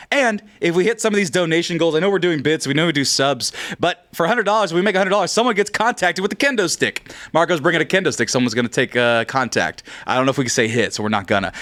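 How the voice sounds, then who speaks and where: Casting: male stream host in his thirties, from California, slightly high voice, loose and joking, rambling. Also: fairly bright tone. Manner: joking, rambling, playful swearing. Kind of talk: casual livestream chat.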